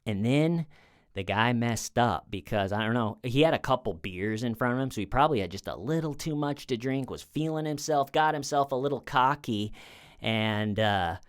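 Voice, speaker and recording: This man, a comedian in his thirties, recounts a true-crime story casually at home, rambling and frequently restarting his sentences while acting out quoted people. He has a mid-range, clean voice with lively intonation and a moderate pace.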